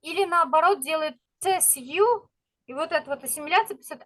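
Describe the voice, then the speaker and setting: A woman with a Russian accent, a native Russian speaker, teaching an English lesson online. She encourages her students and repeats phrases slowly to model pronunciation. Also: high voice.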